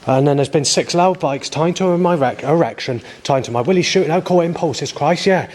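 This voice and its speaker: A man's voice: a little high, expressive, normal speed, few pauses, darkish tone. A man, recording a rambling spoken video diary outdoors on a muddy path with a handheld camera, talking in an agitated, swearing way. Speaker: video diarist.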